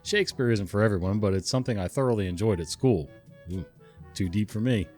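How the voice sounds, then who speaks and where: A man's voice: fairly low pitch, quick pace, darkish tone, faint music behind. A man narrating stories in a casual, conversational way, often chuckling and wandering into asides. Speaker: storytelling channel host.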